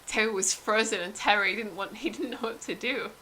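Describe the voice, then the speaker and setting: A woman streamer improvising a silly story, narrating slowly and giggling now and then. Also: mid-range voice, bright, forceful tone, a little hiss or hum, low-quality recording.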